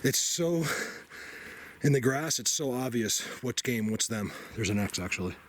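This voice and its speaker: A man's voice: medium pitch, lively intonation, moderate pace. A man filming himself hiking through mountain woods, chatting casually to viewers and sometimes out of breath. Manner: chatty, addresses viewers as "you guys". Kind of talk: casual narration while hiking. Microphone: handheld camera mic.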